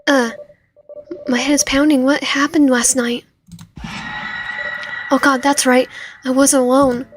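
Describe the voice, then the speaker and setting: A woman's voice: high voice, measured pace, noisy background. Woman reading a visual novel aloud. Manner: reads dialogue and narration with lively reactions, some whispered lines. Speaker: streamer playing a visual novel. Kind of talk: reading game text aloud while playing.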